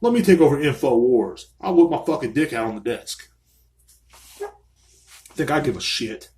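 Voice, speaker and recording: A man's voice: mid-range voice, expressive, moderate pace, darkish tone. A man hosting a solo podcast, ranting angrily and swearing constantly from a small room. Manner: angry, profane ranting. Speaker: podcast host.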